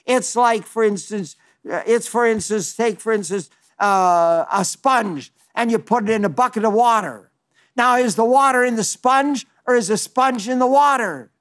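High-voiced preacher in his nineties. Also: normal speed, fairly bright tone. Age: 90s. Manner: fervent, folksy, with frequent restarts. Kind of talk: sermon.

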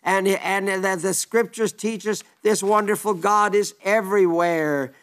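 Slow, earnest high-voiced preacher man. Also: fairly even intonation, a bit bright, smooth. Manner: slow, earnest, emphatic preaching with old-fashioned scripture quotes. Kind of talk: sermon.

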